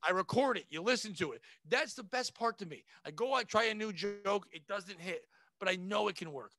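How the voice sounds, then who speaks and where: A man who works as a comedian, talking casually on a podcast in a blunt, profane, animated way. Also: high-pitched, a little fast, no room sound. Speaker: comedian guest.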